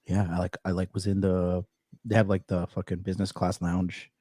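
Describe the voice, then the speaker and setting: Man, low voice, profane, animated storytelling, dry close sound. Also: normal speed, no echo. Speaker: podcast co-host. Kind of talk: casual chat.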